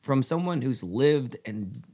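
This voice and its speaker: A man's voice: medium pitch, animated, slow, darkish tone, husky. A young man co-hosting a podcast, rambling and swearing freely in casual chat about a film. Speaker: podcast co-host.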